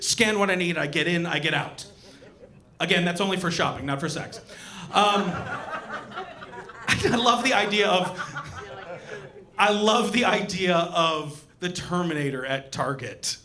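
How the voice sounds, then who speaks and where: A young man doing stand-up at a comedy club, talking into a stage mic. His voice sits high and sounds bright and forward. He plays out his punchlines with lively, animated delivery. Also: moderate pace.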